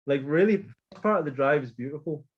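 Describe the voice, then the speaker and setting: Animated storytelling man. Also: a little high, brisk, breathy edge, muffled recording. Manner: animated, swearing, acts out quotes. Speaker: podcast guest. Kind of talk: casual storytelling.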